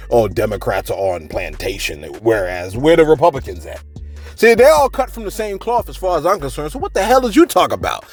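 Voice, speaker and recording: Husky man with a wildly lively voice. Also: on the high side. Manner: animated, repeats words, rhetorical asides to viewers. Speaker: celebrity gossip channel host. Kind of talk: casual gossip commentary to camera.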